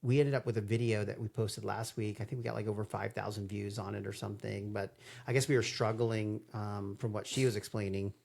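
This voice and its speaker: A man with a fairly low, gravelly voice co-hosts a relaxed talk show. He rambles and hesitates, filling pauses with ums and uhs as he talks. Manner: rambling, hesitant with many fillers. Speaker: podcast co-host. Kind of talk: casual chat.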